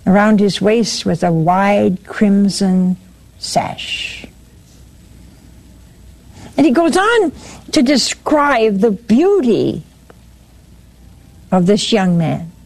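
A woman's voice: medium pitch, sing-song, very slow, vocal fry, pauses often, darkish tone. A woman giving a sermon, retelling a story and quoting its speakers, with frequent restarts.

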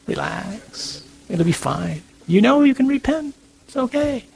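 A man voicing a sly little devil on the shoulder, coaxing and falsely reassuring in a soft, hushed delivery. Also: very high voice, big pitch swings, a little slow, creaky, slightly rough, voice pushed up, heavily acted.

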